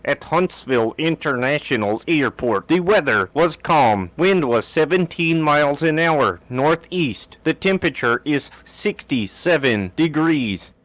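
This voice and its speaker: A man imitating a flat, robotic male weather alert announcer with stiff, monotone delivery. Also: fairly high pitch, unhurried, hardly any pauses. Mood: deadpan.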